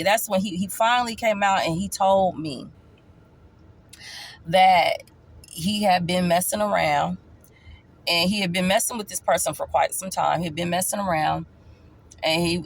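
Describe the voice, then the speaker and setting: A woman vlogger telling her own story in a casual storytime, emphatic, animated and repeating key points. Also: on the low side, vocal fry.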